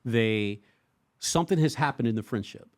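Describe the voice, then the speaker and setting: A man's voice: mid-range voice, expressive, dry recording, studio quality. A man co-hosting a church podcast, asking questions and agreeing readily with his partner. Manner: affirming listener, quick agreement. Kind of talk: casual faith discussion.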